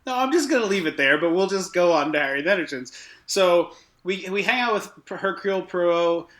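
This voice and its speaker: A man co-hosting a casual film podcast, talking in an animated, jokey way and readily conceding points. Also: high voice, a little fast. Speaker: podcast co-host.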